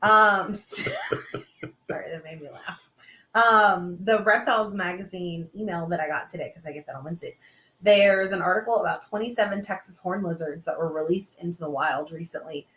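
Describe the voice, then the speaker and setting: A woman with a fairly low voice talks casually and with energy, laughing easily. Her voice carries a roomy echo. She is a schoolteacher on a podcast. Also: moderate pace. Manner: lively, laughs easily, talkative. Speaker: elementary school teacher. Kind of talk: casual chat.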